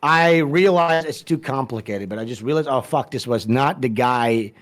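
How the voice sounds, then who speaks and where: Guest interview read, man, mid pitch, swears freely, rambles and restarts. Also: normal speed. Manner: profane, rambling, restarts and mumbles. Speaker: podcast guest. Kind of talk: casual storytelling interview.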